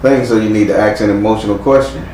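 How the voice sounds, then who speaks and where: A man reads tarot live, giving blunt, stern advice laced with profanity. His voice sits low. The room is echoey, with a faint hiss of noise behind him. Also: fast, darkish tone. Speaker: tarot reader.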